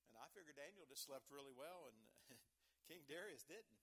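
A man preaching a folksy sermon, chuckling between verses and talking in animated asides. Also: fairly high pitch, normal speed, breathy edge, rough recording.

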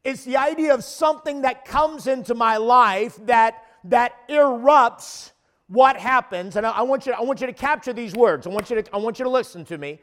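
High-voiced man preaching emphatically. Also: normal speed, a bit bright. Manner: emphatic preaching with frequent repeated restarts. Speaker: pastor. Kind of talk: sermon.

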